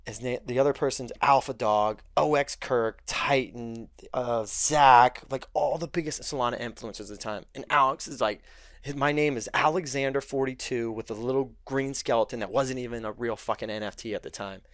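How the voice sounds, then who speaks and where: A man's voice: medium pitch, normal speed, dry recording, studio quality. Heated, profane man telling a story. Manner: heated, profane, animated retelling. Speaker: podcast guest. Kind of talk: casual storytelling.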